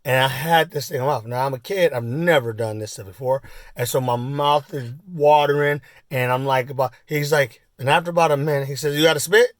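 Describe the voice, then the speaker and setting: A man in his forties telling a personal story in a casual, rambling way, full of fillers and asides, and getting animated as he acts it out. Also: medium pitch, brisk, no room sound, studio quality. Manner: animated when acting out the story. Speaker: vlogger.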